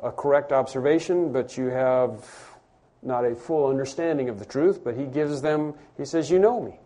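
A man preaching a sermon as pastor, emphatic, repeating phrases and rising to loud stresses. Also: medium pitch.

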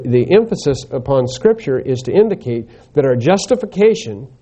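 Male preacher, expository sermon, mellow tone, deliberate emphatic delivery with rhetorical questions. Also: fairly high pitch.

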